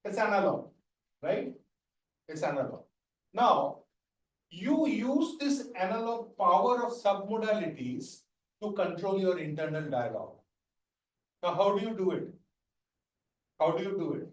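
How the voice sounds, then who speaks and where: Male trainer, high voice, roomy distant sound, patient step-by-step lecturing. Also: expressive, measured pace, pauses often, a little mellow. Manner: explains step by step, asks "right?" often. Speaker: NLP trainer. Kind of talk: classroom lecture. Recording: echoey room, mic at a distance.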